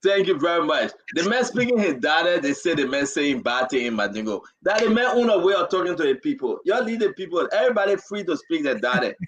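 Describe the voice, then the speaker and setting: A man hosting a call-in talk show. He talks bluntly and orders callers around. His voice sits high. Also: very animated, fast talker, few pauses, a bit bright, a little hiss or hum, poor audio. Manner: blunt, bossy toward callers. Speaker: host.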